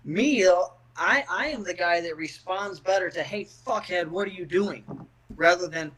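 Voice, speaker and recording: Middle-aged male podcast guest: slightly high pitch, blunt and profane, restarts his sentences. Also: normal speed, bright, forceful tone, husky, low-quality recording. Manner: blunt, profane, repeats words when starting sentences. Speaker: guest, MMA fighter. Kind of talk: casual podcast chat.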